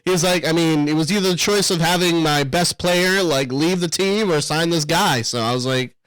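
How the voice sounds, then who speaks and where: A young father co-hosts a relaxed podcast, rambling through stories and swearing freely. His voice sits a little high, and the sound is close and dry. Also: moderate pace, clear, resonant tone, dry recording. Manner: rambling, swears, laughs often. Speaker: podcast co-host. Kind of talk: casual chat.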